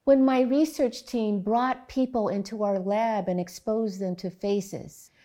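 A woman psychologist giving a public talk, telling a story and explaining research in a measured, deliberate way. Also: mid-range voice, fairly even intonation, dark tone.

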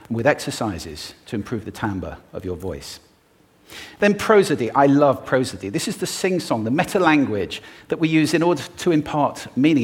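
A man giving a talk on stage to an audience, expressive and playful, demonstrating different ways of using the voice. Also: medium pitch. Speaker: public speaker.

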